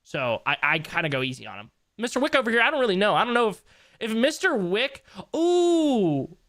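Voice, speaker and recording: Bright-voiced young male streamer. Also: sits high, sing-song. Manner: loose, joking, slangy, quick to laugh. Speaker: livestreamer. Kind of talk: casual livestream chat with viewers.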